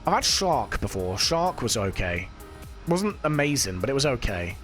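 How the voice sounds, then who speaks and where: A man's voice: mid-range voice, sing-song, normal speed, fairly bright tone. Chatty man streaming. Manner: chatty, swears casually, reads and answers chat while playing. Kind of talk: casual live-stream chat. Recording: faint music behind.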